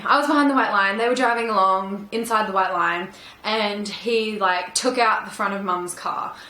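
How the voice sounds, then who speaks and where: Young woman vlogger, casual storytime, bright tone, echoey room. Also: mid-range voice. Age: young adult. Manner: chatty, frequent "like" and "um" fillers.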